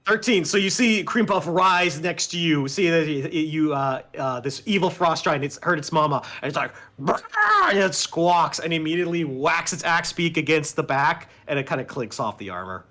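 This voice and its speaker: A man runs a tabletop game as game master. His voice sits a bit high and sounds bright and lively. He narrates playfully, laughs often and cheers the players on. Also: normal speed, hardly any pauses.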